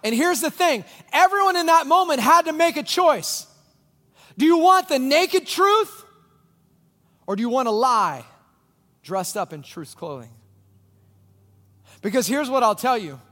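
A man preaching a sermon as pastor, telling a story with lively swings from loud bursts to quiet, intense moments. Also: very high voice, a little slow, pauses often, long reverb tail.

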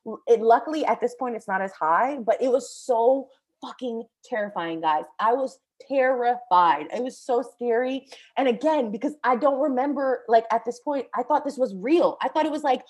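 Young female vlogger, slightly high voice, casual storytelling full of fillers. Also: normal speed. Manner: breathless, animated, many fillers; swears casually.

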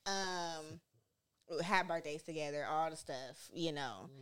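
A woman's voice: deep voice, measured pace, a bit bright, clean tone. A young woman hosting a podcast, chatting casually with her mother and laughing often. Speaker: podcast host. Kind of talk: casual chat.

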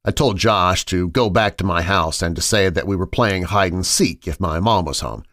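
A man hosting a horror podcast, reading a story in a measured, suspenseful way on a close mic. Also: low-pitched, a bit bright, no echo. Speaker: horror podcast host and narrator. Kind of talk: scripted horror story narration.

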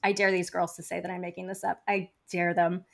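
A woman guest on a podcast, telling stories in a chatty, animated way with frequent "like" fillers. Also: lowish voice, brisk, vocal fry. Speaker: podcast guest, funeral home founder. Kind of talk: casual interview storytelling.

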